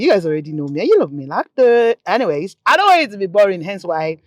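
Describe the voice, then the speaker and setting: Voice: medium pitch, sing-song, fast talker, few pauses, dry recording. A real estate vlogger with a Nigerian accent, giving a chatty, joking tour from inside a car and drifting off topic often. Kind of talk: casual drive-through tour commentary.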